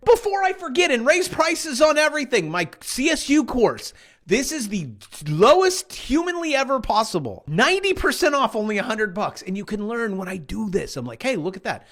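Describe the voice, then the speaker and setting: Animated sarcastic man ranting about charts. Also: very high-pitched, normal speed. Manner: sarcastic, jumpy, mocking voices of doubters. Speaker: crypto trading vlogger. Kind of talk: casual rant and chart walkthrough.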